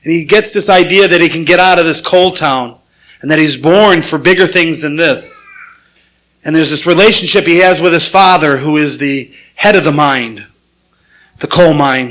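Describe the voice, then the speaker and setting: A man with a fairly high voice delivers a sermon to his congregation in a church. He talks in a relaxed, conversational way while he tells a story. When he quotes other people, he voices their lines by raising his pitch. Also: moderate pace, rough recording. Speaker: pastor.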